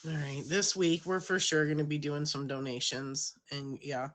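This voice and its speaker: A woman's voice: deep voice, fairly even intonation, normal speed, fairly bright tone. A woman hosting a casual livestream, talking straight to her viewers in a rambling, chatty, self-conscious way. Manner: talks directly to viewers. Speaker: livestream host.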